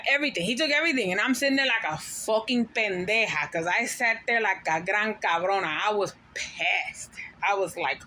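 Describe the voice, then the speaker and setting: Bright, forceful woman venting a story. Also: a little high. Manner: profane, emphatic, venting; drops Spanish slang words. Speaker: vlogger telling a personal story; mother of five. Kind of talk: casual storytelling to camera.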